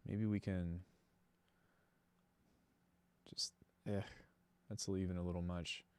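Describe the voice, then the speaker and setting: A man's voice: deep voice, flat delivery, slow, clean tone. A man casually thinking aloud to himself while producing a beat, muttering and joking. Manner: mutters to himself, self-deprecating. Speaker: music producer streamer.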